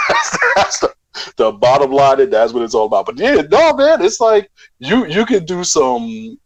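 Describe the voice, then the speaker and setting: A man's voice: medium pitch, wildly swooping pitch, normal speed, low-quality recording. A man hosting a podcast in casual chat, laid-back and reflective. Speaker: podcast host.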